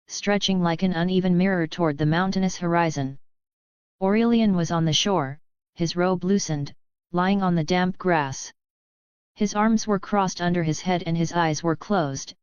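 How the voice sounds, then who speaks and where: A woman narrating a fantasy novel audiobook in a steady, even storytelling manner. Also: lowish voice, clear, resonant tone, dry recording, muffled recording. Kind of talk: scripted narration.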